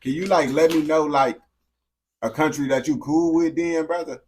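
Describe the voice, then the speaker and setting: A young man, a streamer, chatting casually with a game character in heavy slang, swinging between low mumbles and excited yelling. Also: moderate pace, slight background noise.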